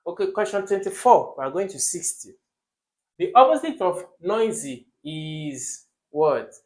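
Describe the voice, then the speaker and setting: Animated male teacher. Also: a little high, measured pace. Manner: asks the pupils questions and answers them himself; animated, jumps to loud emphasis on key words. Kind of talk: exam prep lesson.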